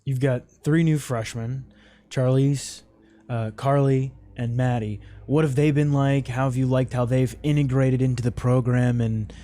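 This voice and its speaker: A man's voice: mid-range voice, steady tone, measured pace, warm tone. A man hosting a sports podcast, asking friendly questions and laughing along with his guest. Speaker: podcast host.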